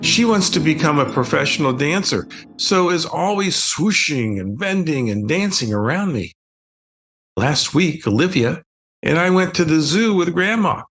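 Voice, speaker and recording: An older man reads a bedtime story in a gentle, expressive way. His voice sits a little high and swings widely in pitch. Soft music plays underneath. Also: moderate pace.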